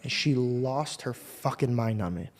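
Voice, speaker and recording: A man's voice: mid-range voice, lively intonation, measured pace. A man hosting an interview, telling heartfelt stories in casual talk with frequent swearing. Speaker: podcast host.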